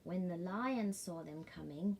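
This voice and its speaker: A middle-aged woman reading a picture book aloud in a sing-song, gently coaxing way. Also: lowish voice, unhurried, vocal fry, slightly rough. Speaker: storyteller.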